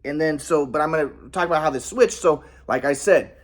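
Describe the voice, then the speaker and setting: A man in a casual monologue, rambling and boastful, often restarting his sentences and clearing his throat. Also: a little high, a little fast. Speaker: vlogger.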